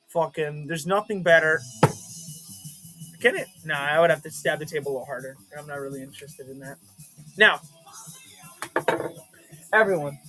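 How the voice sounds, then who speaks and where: Young man, high voice, excitable, profane, casual chat, faint background music. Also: normal speed, pauses often, poor audio. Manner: excitable and profane, with bursts of shouting. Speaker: vlogger showing his record collection.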